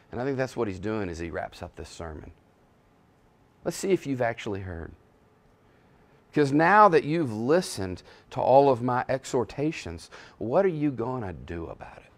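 A man preaching a sermon as pastor, swinging between hushed and loud, emphatic passages, often restarting his words. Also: medium pitch, big pitch swings, moderate pace. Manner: frequent self-restarts and repetitions.

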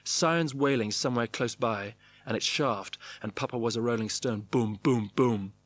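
Brief: man narrating a memoir, clipped, dry diary phrasing, mid-pitched voice. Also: moderate pace, a bit bright, no room sound. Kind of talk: reading a memoir diary aloud.

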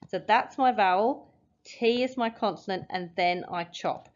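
At a board, a woman with a medium-pitched, unhurried voice teaches a phonics lesson, patiently sounding out letters and syllables step by step. The audio is dull.

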